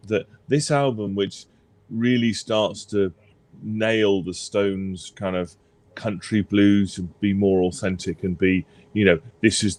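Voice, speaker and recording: A man's voice: on the low side, darkish tone, no room sound. A man, co-hosting a casual album review chat, rambling and hesitant. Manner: rambling, hesitant, laughs easily. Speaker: podcast co-host.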